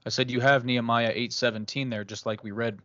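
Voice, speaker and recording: A mid-pitched man in a casual discussion, chiming in with brief affirmations and the odd comment. His voice comes through muffled, lo-fi audio. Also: fairly even intonation, quick pace, bright, forceful tone.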